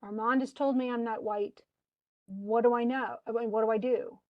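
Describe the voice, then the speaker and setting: A desperate young wife pleads, her voice climbing high and close to hysteria, as a woman teacher reads her part aloud. The delivery is insistent and raw. The voice stays near the reader's own. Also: fairly even intonation, moderate pace, lo-fi sound, lightly acted. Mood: pleading.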